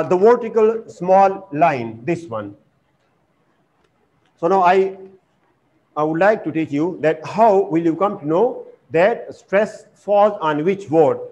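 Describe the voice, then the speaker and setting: A man with a high-pitched voice teaches an English lesson at a deliberate pace. He pauses on "uh" and repeats each word syllable by syllable, leaning hard on the stress. The recording is muffled and lo-fi. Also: a little mellow. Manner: slow and deliberate, repeating words with exaggerated stress, frequent "uh". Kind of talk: vocabulary lesson. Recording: dull lo-fi recording.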